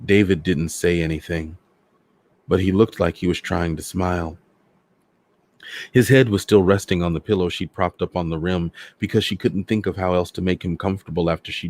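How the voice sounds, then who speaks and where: A man hosting a storytime show, reading a novel aloud in a measured, dramatic way. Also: low-pitched, darkish tone. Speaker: storyteller host.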